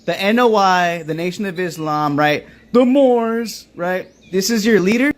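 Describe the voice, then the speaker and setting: A man hosting a commentary stream and reacting to clips, speaking in a somewhat high voice. He is emphatic and profane, with a rhetorical "right?" after almost every claim. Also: lively intonation, a little slow.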